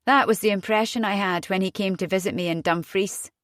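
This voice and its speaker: A woman's voice: medium pitch, steady tone, a little fast, no echo, clean studio sound, natural voice. A woman voicing a weary husband in an audiobook, reasoning in an exasperated way without much change to her own voice. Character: weary, defensive husband and father.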